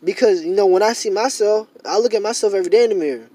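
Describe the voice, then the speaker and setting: A man's voice: high-pitched, very fast, mellow. A young man in a casual monologue to camera, rambling and repeating himself with many fillers, growing heated and emphatic. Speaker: vlogger.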